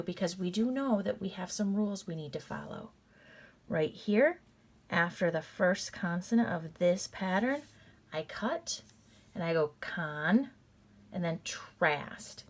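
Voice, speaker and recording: A woman teacher with a mid-range, darkish voice delivers a recorded reading lesson. She carefully walks through patterns step by step, repeating them, and speaks to her students as "you guys."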